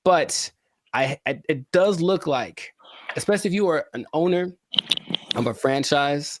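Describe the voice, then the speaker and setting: A man's voice: a little high, unhurried, long pauses, dry recording, clean studio sound. A man from California co-hosting a casual podcast, playful and theatrical, repeating words and adding mock-dramatic asides. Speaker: podcast co-host.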